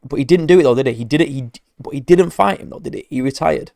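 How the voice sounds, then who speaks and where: A man's voice: fairly high pitch, fast, creaky, a little mellow, slight background noise. A man giving profane, mocking reaction commentary as an MMA commentator, ranting sarcastically.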